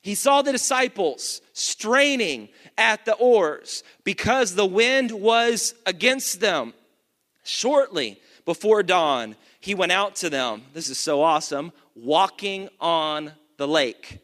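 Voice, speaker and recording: High, bright-voiced energetic man preaching. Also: slow. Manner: energetic, calls out to the congregation. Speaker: pastor. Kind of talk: sermon with scripture reading. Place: church. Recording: long church reverb.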